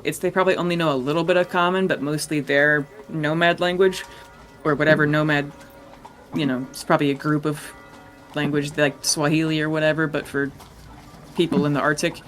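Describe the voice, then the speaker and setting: A man's voice: on the high side, steady tone, a little fast, fairly bright tone, soft background music. A man narrating as game master of a tabletop game, in a loose, rambling, joking way.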